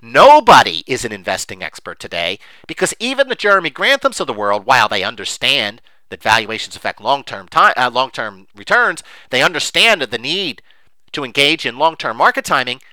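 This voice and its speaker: A man's voice: medium pitch, big pitch swings, normal speed, pushed and bright, no echo. A middle-aged man giving an unscripted, emphatic monologue on investing, rambling with many fillers. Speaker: investing commentator.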